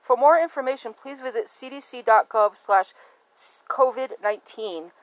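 Dry, higher-voiced woman reading a notice. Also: moderate pace, no room sound, rough recording. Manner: even, read-aloud delivery. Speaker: podcast host. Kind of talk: scripted public service announcement.

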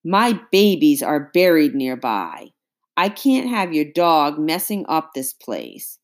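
A woman voicing a dignified farmer father who speaks slowly, earnestly and nervously. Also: low-pitched, very animated, full character voice. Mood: pleading.

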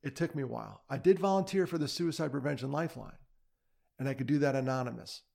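A middle-aged man speaking candidly as a mental health advocate in a casual interview, self-deprecating and quick to laugh. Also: mid-range voice, vocal fry, darkish tone.

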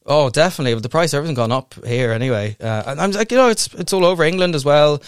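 A man's voice: on the high side, expressive, very fast, smooth, no room sound, clean studio sound. A young Irish man in casual chat, rambling and swearing freely as he tells stories. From Ireland.

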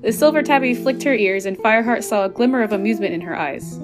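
A woman reading a passage from a novel aloud as narrator, in a soft, even voice. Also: medium pitch, quick pace, music in the background.

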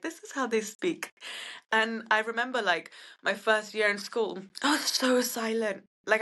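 A woman's voice: mid-range voice, bright, forceful tone. A young woman from India with a British accent and Marathi as her first language, a podcast guest talking earnestly and reflectively with many restarts. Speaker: guest, content creator. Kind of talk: casual podcast conversation.

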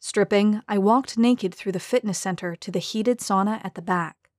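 A woman reads a first-person audiobook at a measured, even pace, her voice at an ordinary middle pitch for a woman. The recording is close and dry, with almost no room sound. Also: dry recording. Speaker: audiobook narrator.

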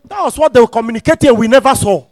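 A man preaching a teaching sermon. He repeats his phrases, checks that the congregation is following, and rises into shouted, sing-song emphasis. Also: extremely high pitch, rapid-fire, dry recording. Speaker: pastor.

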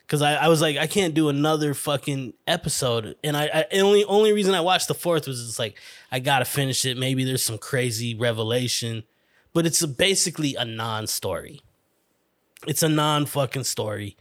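A man's voice: mid-range voice, fairly bright tone, no echo, studio quality. A man hosting a casual podcast, rambling and swearing bluntly as he talks through documentaries. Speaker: podcast host.

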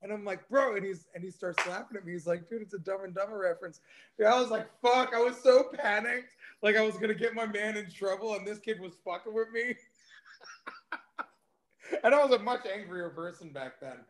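A man with a high-pitched voice talks on a casual podcast. He is laid-back and profane, with frequent laughs. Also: a little fast. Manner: laid-back, swears a lot, laughs often. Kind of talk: casual chat.

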